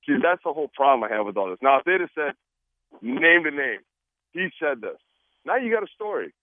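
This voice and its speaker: Animated football player on a phone line. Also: male voice, on the high side, a little fast, no room sound. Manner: animated, joking, acts out quotes. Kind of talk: casual radio interview.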